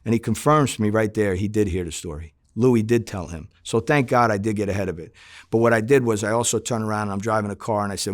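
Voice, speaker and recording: A man's voice: lowish voice, fast talker. A middle-aged man, a former undercover agent, telling his story in an interview, acting out quoted dialogue and swearing freely.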